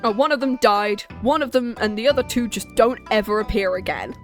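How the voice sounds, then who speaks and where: A woman's voice: a little high, a little fast, soft background music. A woman streamer giving chatty, jokey let's-play commentary as she plays a game and voices its characters. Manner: chatty, jokey and self-mocking.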